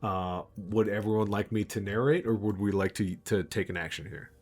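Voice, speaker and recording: A man's voice: on the low side, moderate pace, breathy edge, faint music behind. A man narrating a tabletop game as game master, playful and laughing often.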